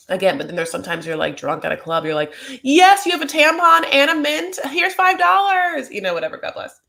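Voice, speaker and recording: A woman's voice: low-pitched, creaky. A woman hosting a reality TV recap, chatting casually in a gossipy, rambling way full of fillers. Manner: gossipy, rambling, lots of "like" and "you know".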